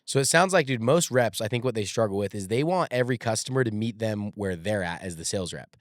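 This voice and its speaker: A man's voice: fairly low pitch, animated, fast talker, no echo, studio quality. A man hosting a sales training show, coaching his audience and calling them "guys" and "dude". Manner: addresses listeners as "guys" and "dude". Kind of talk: coaching interview.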